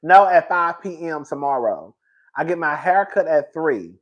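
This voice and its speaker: Brief: male streamer, lively pitch, loud over-the-top delivery, laughs a lot, casual slang. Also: a little slow, highs cut off. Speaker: livestream host. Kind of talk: casual live-stream chat.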